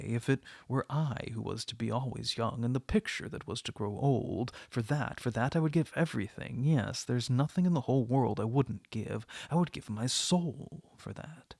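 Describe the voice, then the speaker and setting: Give me an anguished vain young man, theatrical and pleading, read by a man, with a raspy, dry sound. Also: mid-range voice, darkish tone, no echo.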